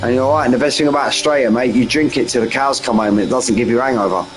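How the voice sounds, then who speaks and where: A man's voice: mid-range voice, very fast, soft background music, low-quality recording. A man in his forties giving casual, slangy live race commentary, chatting between calls and jumping up at close moments. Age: 40s. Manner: chatty, slangy, answers chat mid-race, bursts of excitement.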